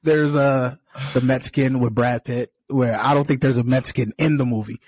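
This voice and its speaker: A man's voice: medium pitch, steady tone, moderate pace, a little mellow, slightly rough, dry recording. A man from California co-hosting a podcast, talking in a frustrated, conversational way and laughing often. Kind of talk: casual chat.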